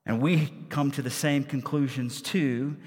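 A man preaching a sermon as pastor, firing rhetorical questions at the congregation and swinging between hushed and loud delivery. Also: mid-range voice, steady tone, measured pace, breathy edge, long reverb tail.

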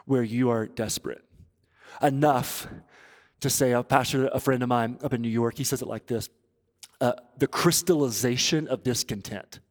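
A man preaching a sermon as pastor, urging and earnest, moving between loud appeals and hushed, intense passages. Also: medium pitch. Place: church auditorium. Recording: long reverb of a large hall.

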